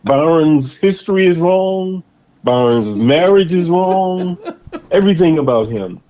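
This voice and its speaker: A man hosts a casual political chat with a mellow, relaxed tone. His pitch rises and falls a lot as he stretches out words for emphasis. The sound is slightly muffled and lo-fi. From Boston area. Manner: animated, drawn-out emphatic delivery. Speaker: podcast host.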